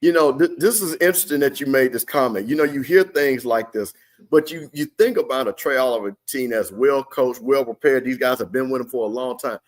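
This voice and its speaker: A man's voice: medium pitch, a little fast. Guy hosting a game watch party stream, chatty and slangy, talks to the chat. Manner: chatty, reads viewer comments, loose slangy talk. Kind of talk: live sports commentary chat.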